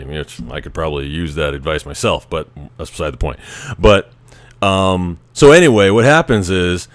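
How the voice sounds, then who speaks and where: This show host has a low voice and talks fairly quickly and animatedly, with no room sound, in loose commentary on a movie. His talk wanders, he keeps restarting sentences, and he performs quoted lines.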